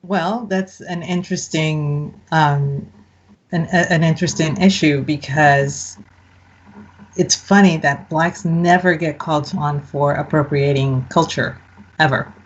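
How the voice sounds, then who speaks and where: A woman hosts an online talk radio show, chatty and quick to laugh. Her voice is husky. The audio sounds dull and lo-fi. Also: deep voice, steady tone. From Puerto Rico. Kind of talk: casual political banter.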